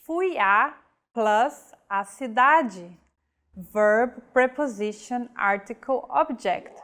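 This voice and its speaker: Slow, careful woman teaching pronunciation. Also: a little high, a bit bright. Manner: slow, carefully enunciated example words. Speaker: language teacher. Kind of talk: scripted language lesson.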